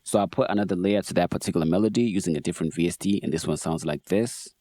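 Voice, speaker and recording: A man casually walking through how he built a beat, in a laid-back, relaxed way, as host of a production tutorial. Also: deep voice, quick pace. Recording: faint music behind voice. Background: beat playback.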